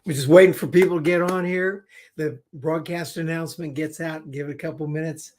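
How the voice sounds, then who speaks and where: A man's voice: fairly high pitch, fairly even intonation, brisk, darkish tone. A man hosting a live-stream show, chatting casually and upbeat as he welcomes viewers. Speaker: show host.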